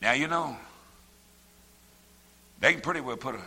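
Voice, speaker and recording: An older man preaching a sermon, folksy and plain-spoken, his voice swelling up into shouts. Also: medium pitch, moderate pace, breathy edge, big-room sound.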